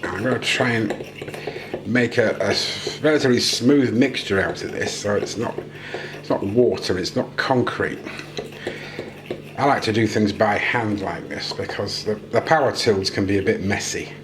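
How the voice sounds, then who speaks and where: A man's voice: fairly low pitch, unhurried, echoey room, background noise. A British man cooking at home and chatting casually to the camera, making self-deprecating jokes as he goes. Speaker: vlogger. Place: home kitchen.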